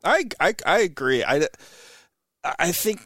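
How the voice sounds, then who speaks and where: A man co-hosting a podcast in casual chat, expressive, laughing loudly and swearing mildly. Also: fairly high pitch, slow, no echo, studio quality. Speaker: podcast co-host.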